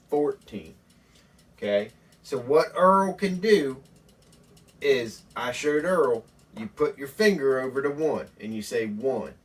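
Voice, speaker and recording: A man hosting a mock home tutorial in a folksy, deadpan, rambling way. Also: medium pitch, far from the mic. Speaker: host.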